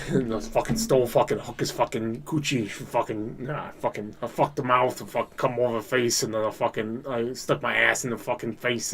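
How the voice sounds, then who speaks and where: A man's voice: mid-range voice, sharp tone. A man doing a foul-mouthed comedian's crude story. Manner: crude, profane, rambling.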